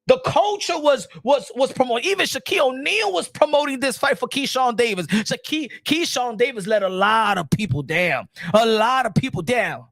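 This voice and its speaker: A man hosting a boxing livestream, excitable and repetitive, dropping in Spanish phrases. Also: very high voice, moderate pace, hardly any pauses, no echo, studio quality. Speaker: boxing show host.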